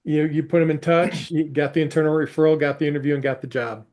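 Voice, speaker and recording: Halting man co-hosting a workshop. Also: a little high, flat delivery, darkish tone. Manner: halting, searching for words. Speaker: workshop co-host. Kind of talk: casual chat.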